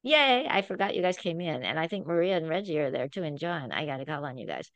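A woman teaches a Bible study in an earnest, emphatic, chatty way. Her voice sits on the lower side and the sound is dry and close. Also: expressive, fast talker, fairly bright tone, dry recording. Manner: earnest, emphatic, conversational preaching.

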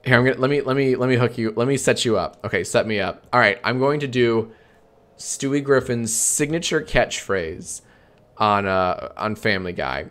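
Male streamer with a mid-range voice doing a dry, sarcastic comedy bit with himself. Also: mid-range voice. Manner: deadpan sarcastic banter, frequent swearing.

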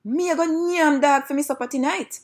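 A woman's voice: sits high, moderate pace, voice pushed up, close to an everyday voice. A woman doing a sassy Jamaican little pig. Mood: taunting. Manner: sassy, defiant Jamaican patois. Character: clever cheeky little male piggy.

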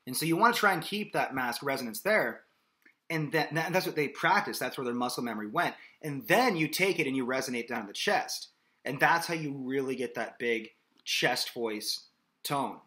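Man with a bright, lively voice explaining singing. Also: mid-range voice, normal speed. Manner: casual and explanatory, with frequent "okay?" check-ins. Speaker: vocal coach. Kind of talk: singing lesson with sung demonstrations.

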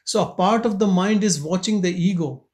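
A man leading a spiritual satsang, speaking slowly and contemplatively, asking questions and leaving long pauses. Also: high-pitched, darkish tone. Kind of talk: slow contemplative spiritual talk. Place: meditation centre hall.

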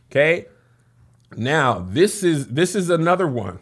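A man hosting a comedy podcast, reading messages aloud in an animated, joking way. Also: on the high side, a little slow, breathy edge. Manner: animated, reads messages aloud with acted voices. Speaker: podcast host.

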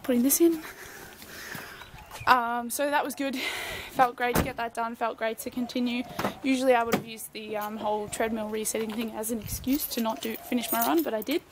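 On the high side and fairly even in intonation, this woman speaks briskly and breathlessly in a rambling vlog chat, poking fun at herself. Music plays beneath her amid background noise.

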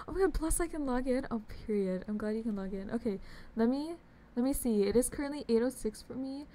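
A woman's voice: a little high, fairly quick, mellow. A young woman streaming a game live, chatting casually and bubbly with her viewers, laughing often. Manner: bubbly, giggly, talks to chat.

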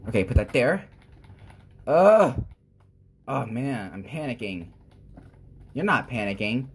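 A woman hosting gameplay commentary, excitable, with sudden squeals and exclamations. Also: rumbling low, takes it slowly, breathy edge. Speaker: gamer, channel host.

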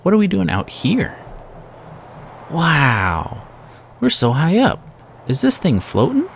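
A man doing an excited young adventurer, pitched way up. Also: takes it slowly, a little hiss or hum, exaggerated voice. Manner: raised, eager, exclamatory delivery. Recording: game music behind.

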